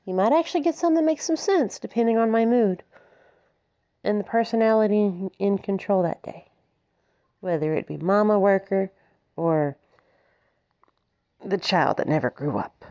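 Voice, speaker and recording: A woman's voice: medium pitch, moderate pace, warm tone. Giggly woman with a Southern twang. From Alabama, United States. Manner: giggly, swears freely, self-mocking. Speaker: podcast host. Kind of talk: casual monologue. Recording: slightly dull lo-fi recording.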